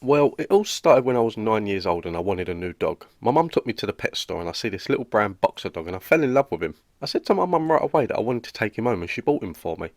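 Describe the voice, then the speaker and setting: A man's voice: lowish voice, dry recording, clean studio sound, natural voice. A man voicing a lonely, awkward young roommate in a cartoon, speaking with a British accent in an earnest, rambling way. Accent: British English. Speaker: cartoon character. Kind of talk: animated comedy dialogue.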